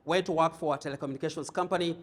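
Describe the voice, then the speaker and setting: A man's voice: a little high, steady tone, rapid-fire, a bit bright. A middle-aged man from Kenya with a Kenyan accent, giving a humorous leadership keynote to a live audience, telling stories and often repeating words as he starts a thought. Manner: storytelling, jokey, repeats words when starting. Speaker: keynote speaker. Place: conference room with audience.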